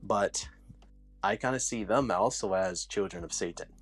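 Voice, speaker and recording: A man's voice: low voice, moderate pace, slightly rough, faint music behind. A man in a casual spiritual chat, explaining his view earnestly and carefully.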